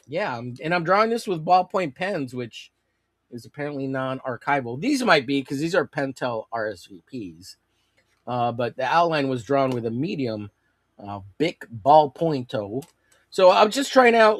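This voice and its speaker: Here a man from the United States, medium in pitch, rambles casually and tells crude jokes while hosting a live comic-drawing stream, staying animated throughout. It's a dry recording with clean studio sound.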